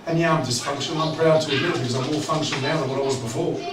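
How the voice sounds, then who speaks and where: A man preaching a sermon as pastor, conversational and joking, swinging between loud preaching and low asides. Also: racing, a crowd in the background. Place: church hall. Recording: echoey church hall, distant mic, congregation audible. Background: congregation.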